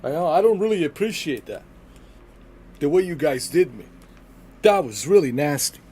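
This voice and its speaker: A man putting on the voice of the state of Texas as a grumbling man with an aggrieved, drawling complaint, higher and louder than his own voice. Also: expressive, moderate pace, husky.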